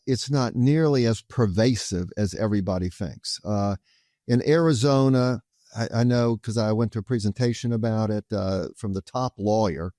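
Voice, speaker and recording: A man's voice: lowish voice, warm tone, dry recording, clean studio sound. An older man answering interview questions as a guest attorney, telling long anecdotes in a reassuring, folksy way. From Louisiana, USA. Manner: reassuring, story-driven, folksy.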